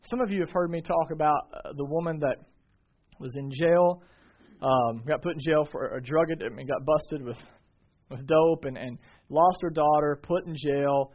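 A man in his thirties preaching a sermon, swinging between loud emphatic passages and quiet, confiding ones. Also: on the high side, moderate pace. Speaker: pastor. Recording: dull lo-fi sermon audio.

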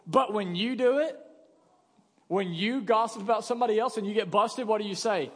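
A man's voice: high voice, brisk. A young man preaching a sermon as a pastor, talking conversationally and acting out quoted voices. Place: church sanctuary. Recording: long church reverb.

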